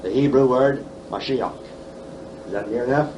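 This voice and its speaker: A man's voice: medium pitch, moderate pace, muffled recording. Older male bible teacher, seventies, emphatic rhetorical questions, folksy jokes, faint hiss on old conference tape. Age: 70s. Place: conference hall. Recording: faint background noise, 1979 tape.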